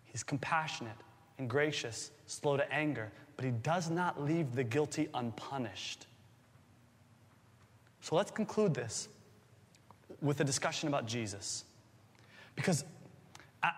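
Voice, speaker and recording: A man preaching a sermon, playful and teacherly, who asks his listeners questions and jokes with them. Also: on the high side. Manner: playful, quizzes the audience with jokes. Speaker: pastor. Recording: long hall reverb.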